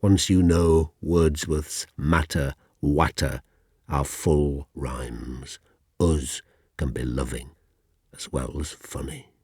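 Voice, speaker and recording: Husky, very deep poet. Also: male voice, steady tone, warm tone, no room sound, studio quality. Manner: slow, deliberate, dropping to near-whispers. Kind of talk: poetry reading.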